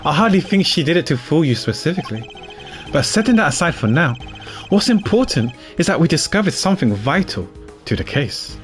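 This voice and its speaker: A man's voice: on the high side, very animated, a little fast, soft background music. Man reading a formal, composed prosecutor.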